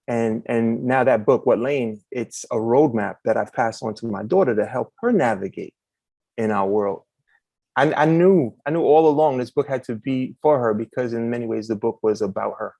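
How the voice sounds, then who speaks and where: Lively male author guest, acts out quotes, dry close sound, casual storytelling. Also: medium pitch, moderate pace, creaky, no room sound. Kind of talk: casual interview chat.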